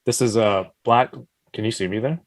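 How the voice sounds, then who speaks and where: A man's voice: on the low side, moderate pace, dry recording. A man co-hosting a live stream, joking around in casual chat. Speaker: co-host.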